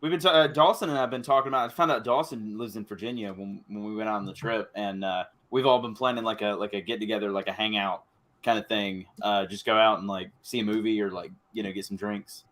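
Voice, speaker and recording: A man's voice: on the low side, fairly even intonation, fast, a bit bright. A man from North Carolina, chatting in an easygoing way. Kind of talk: casual chat.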